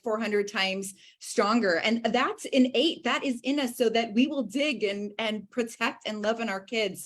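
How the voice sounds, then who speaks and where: Woman host, thirties, higher voice, gushing, excitable, speaks straight to viewers. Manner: gushing, excitable, addresses viewers as you guys. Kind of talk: livestream hosting.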